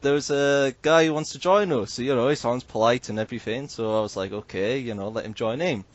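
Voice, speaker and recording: Podcast host, man, animated storyteller, dry lo-fi voice chat sound. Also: medium pitch, fairly quick, no echo. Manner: animated, swearing, mimics others in quotes.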